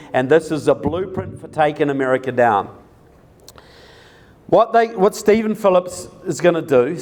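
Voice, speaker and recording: A man with a somewhat higher voice delivers a political presentation to a live audience. He talks emphatically, hammering words by saying them twice. He keeps turning to the crowd with questions. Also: darkish tone. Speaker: political speaker.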